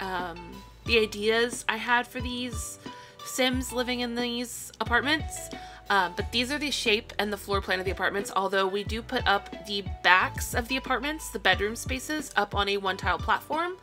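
In a casual voiceover narration, a tired woman video creator talks through a long, rambling piece, chatty and peppered with ums, repeatedly yawning and saying sorry. Her voice is medium in pitch, bright and forceful.

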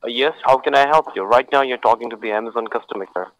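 A man's voice: medium pitch, quick pace, no room sound, muffled recording. A man working as a call center agent, who repeats formal scripted customer service lines. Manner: formal, repetitive scripted phrasing.

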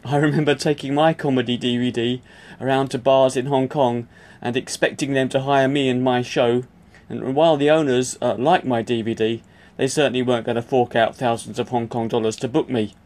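A man's voice: medium pitch, fairly even intonation, a little fast, few pauses, darkish tone. A man hosting a podcast, giving a rambling, friendly introduction. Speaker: podcast host.

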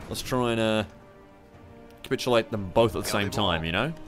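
A man's voice: on the low side, animated, moderate pace, faint music behind. A young man hosting a strategy game playthrough, rambling and swearing with mocking asides. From Australia. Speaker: gaming channel host. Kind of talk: casual strategy game commentary.

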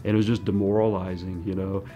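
A man's voice: low-pitched, level tone, fast talker, warm tone, muffled recording. A man, a scientist, recalling events plainly and conversationally in a documentary interview. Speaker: lab scientist.

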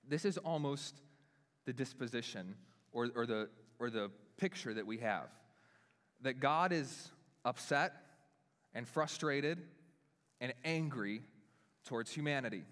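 A young adult male pastor preaching a sermon, staging a live demonstration with volunteers, animated and self-deprecating in a casual way. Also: a little slow, pauses often. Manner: animated, self-deprecating, talks with lively pitch swings. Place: church hall. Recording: long reverb of a church hall.

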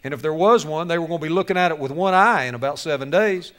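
Casting: male preacher, high-set voice, animated storyteller who jokes with the crowd. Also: fast. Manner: animated, acts out characters, jokes with audience. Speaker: speaker to youth on bullying. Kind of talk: lively sermon storytelling.

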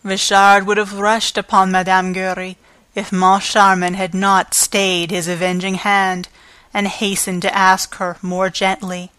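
Reading a classic novel aloud for an audiobook, a narrator gives each phrase its time at a measured pace, her pitch in a normal middle range with little movement. She sounds a bit bright, and the recording is close and dry, free of room sound.

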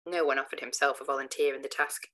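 Woman narrating a Gothic novel, bright tone. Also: a bass voice, quick pace, rough recording. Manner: steady, formal reading. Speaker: audiobook narrator.

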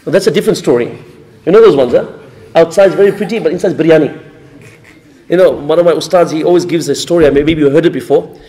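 High-voiced preacher telling a story. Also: male voice, quick pace. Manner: animated storyteller, acts out characters. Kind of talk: storytelling sermon with jokes. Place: mosque hall. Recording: reverberant hall.

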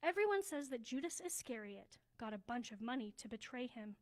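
A woman's voice: fairly high pitch, big pitch swings, fairly quick, dry recording, studio quality. A woman voicing a young boy hurrying to share alarming news in a storybook read-aloud. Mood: alarmed. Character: boy friend bringing bad news.

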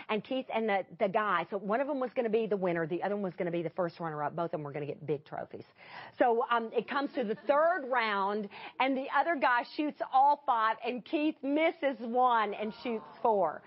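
A woman preaching a sermon through a personal story, animated and emotional in her delivery. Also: a little high, moderate pace, dull audio. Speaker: speaker.

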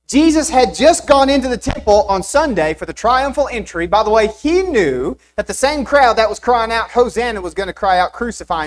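Animated young preacher man, emphatic. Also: sits high, rough recording. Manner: animated, rising emphatic delivery with rhetorical questions. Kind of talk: sermon. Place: church sanctuary.

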